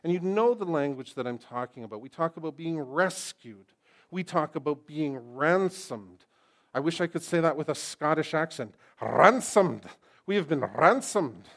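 Animated joking male pastor preaching. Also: a little high, moderate pace. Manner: lively and joking, swings from loud emphasis to quiet intensity. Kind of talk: sermon.

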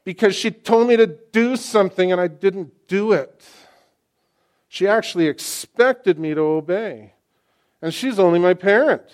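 Man, 60s, pastor mid-sermon; dynamic delivery, repeats lines for emphasis, loud-to-soft swings. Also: sits high, a little slow. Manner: emphatic, swings from loud exclamations to hushed asides.

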